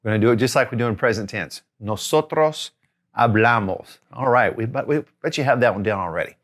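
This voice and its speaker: A man's voice: medium pitch, brisk, a bit bright. Upbeat man teaching Spanish. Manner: upbeat, encouraging, talks straight to the learner. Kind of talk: lively classroom lesson.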